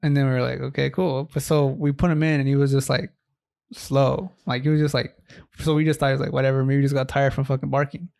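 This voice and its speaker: A man's voice: medium pitch, little pitch movement, fast, vocal fry, darkish tone, smooth. A young man co-hosting a podcast, telling a long story in casual chat, rambling with heavy swearing and fillers. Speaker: podcast co-host.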